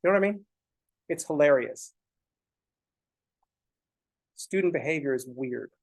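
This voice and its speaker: A young man lectures a college math class with a slightly higher-than-average voice. He talks bluntly and casually, with frequent swearing and joking asides to the students. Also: lively intonation, a little slow, poor audio. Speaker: math teacher. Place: classroom, also streamed online.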